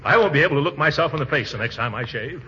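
A blustery pompous uncle. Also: male voice, expressive, very fast, pushed and bright, slight background noise. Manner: bombastic, flustered, booming outbursts. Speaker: uncle and employer. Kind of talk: 1940s radio comedy acting. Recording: muffled old radio broadcast.

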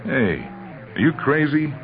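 A man voicing a brash, excitable male bike shop partner who blusters loudly, on a tinny old radio recording. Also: on the low side, normal speed, music in the background, voice pushed up. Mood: angry. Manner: loud, eager, blustering.

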